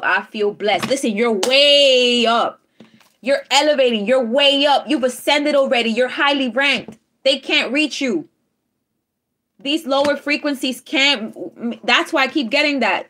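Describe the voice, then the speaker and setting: A fairly high-voiced woman hosting a live tarot reading. She talks emphatically and keeps repeating her affirmations, checking in with her viewers after nearly every point. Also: sharp tone. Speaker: tarot reader.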